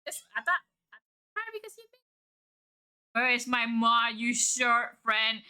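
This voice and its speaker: A woman's voice: a little high, sing-song, slow, pushed and bright, smooth. A woman live-streaming, chatting casually with her viewers in a playful, teasing way and laughing often.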